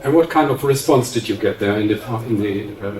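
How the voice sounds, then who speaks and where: Man asking quick interview questions, sounds far from mic, echoey. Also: lowish voice, darkish tone. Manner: brief, prompting questions. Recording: roomy sound from a distant mic.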